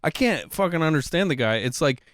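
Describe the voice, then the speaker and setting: A man's voice: a little high, fairly quick, dry recording, clean studio sound. A man co-hosting a casual podcast, telling jokey family stories. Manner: storytelling, jokey, animated impressions. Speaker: podcast co-host. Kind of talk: casual chat.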